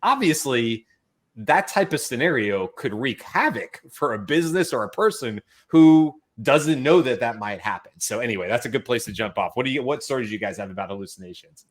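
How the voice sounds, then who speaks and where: A man hosts a podcast panel in a relaxed, chatty way. His voice sits at a middle pitch. He tells stories animatedly and acts out the quoted lines. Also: fairly quick. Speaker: podcast host. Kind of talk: casual panel chat.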